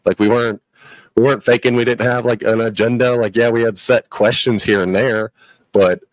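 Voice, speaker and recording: A man's voice: mid-range voice, steady tone, fairly quick, no room sound, rough recording. A man co-hosting a podcast, talking in a laid-back casual way, full of "dude" and "bro". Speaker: podcast co-host. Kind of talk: casual chat.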